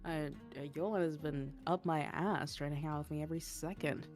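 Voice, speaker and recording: A woman voicing a brash, foul-mouthed female tavern keeper who swears freely and jokes loudly. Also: low voice, fairly even intonation, a little fast, faint music behind, close to an everyday voice. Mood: griping. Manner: loud, swearing, boastful.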